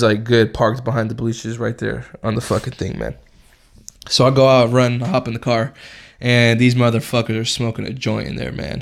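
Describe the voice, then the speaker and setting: A young man with a gravelly, creaky edge to his voice and an everyday middle pitch. He tells a podcast story in a loose, unhurried way, heavy on slang and swearing. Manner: laid-back, profane, slangy storytelling. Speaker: podcast host. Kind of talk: casual storytelling.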